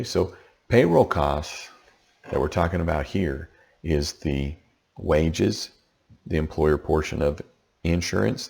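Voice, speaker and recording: Deep, gravelly male tax teacher. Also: a little mellow. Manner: conversational, checks in with frequent "okay?". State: tired, late at night. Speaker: tax educator. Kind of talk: casual explanatory lesson.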